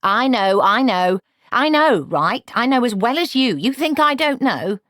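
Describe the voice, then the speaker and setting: A woman voicing a stern, sharp-tongued old witch who scolds brusquely. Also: sits low, animated, a little slow, dry recording, studio quality. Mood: exasperated.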